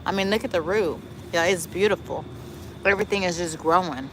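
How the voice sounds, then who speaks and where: A woman's voice: on the low side, a little fast, a little hiss or hum, low-quality recording. Chatty sassy woman livestreaming outdoors. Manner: chatty, sassy, addresses viewers as y'all and girl. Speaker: livestream host touring her garden. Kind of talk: casual livestream chat. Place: outdoors in a backyard garden. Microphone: phone held while walking.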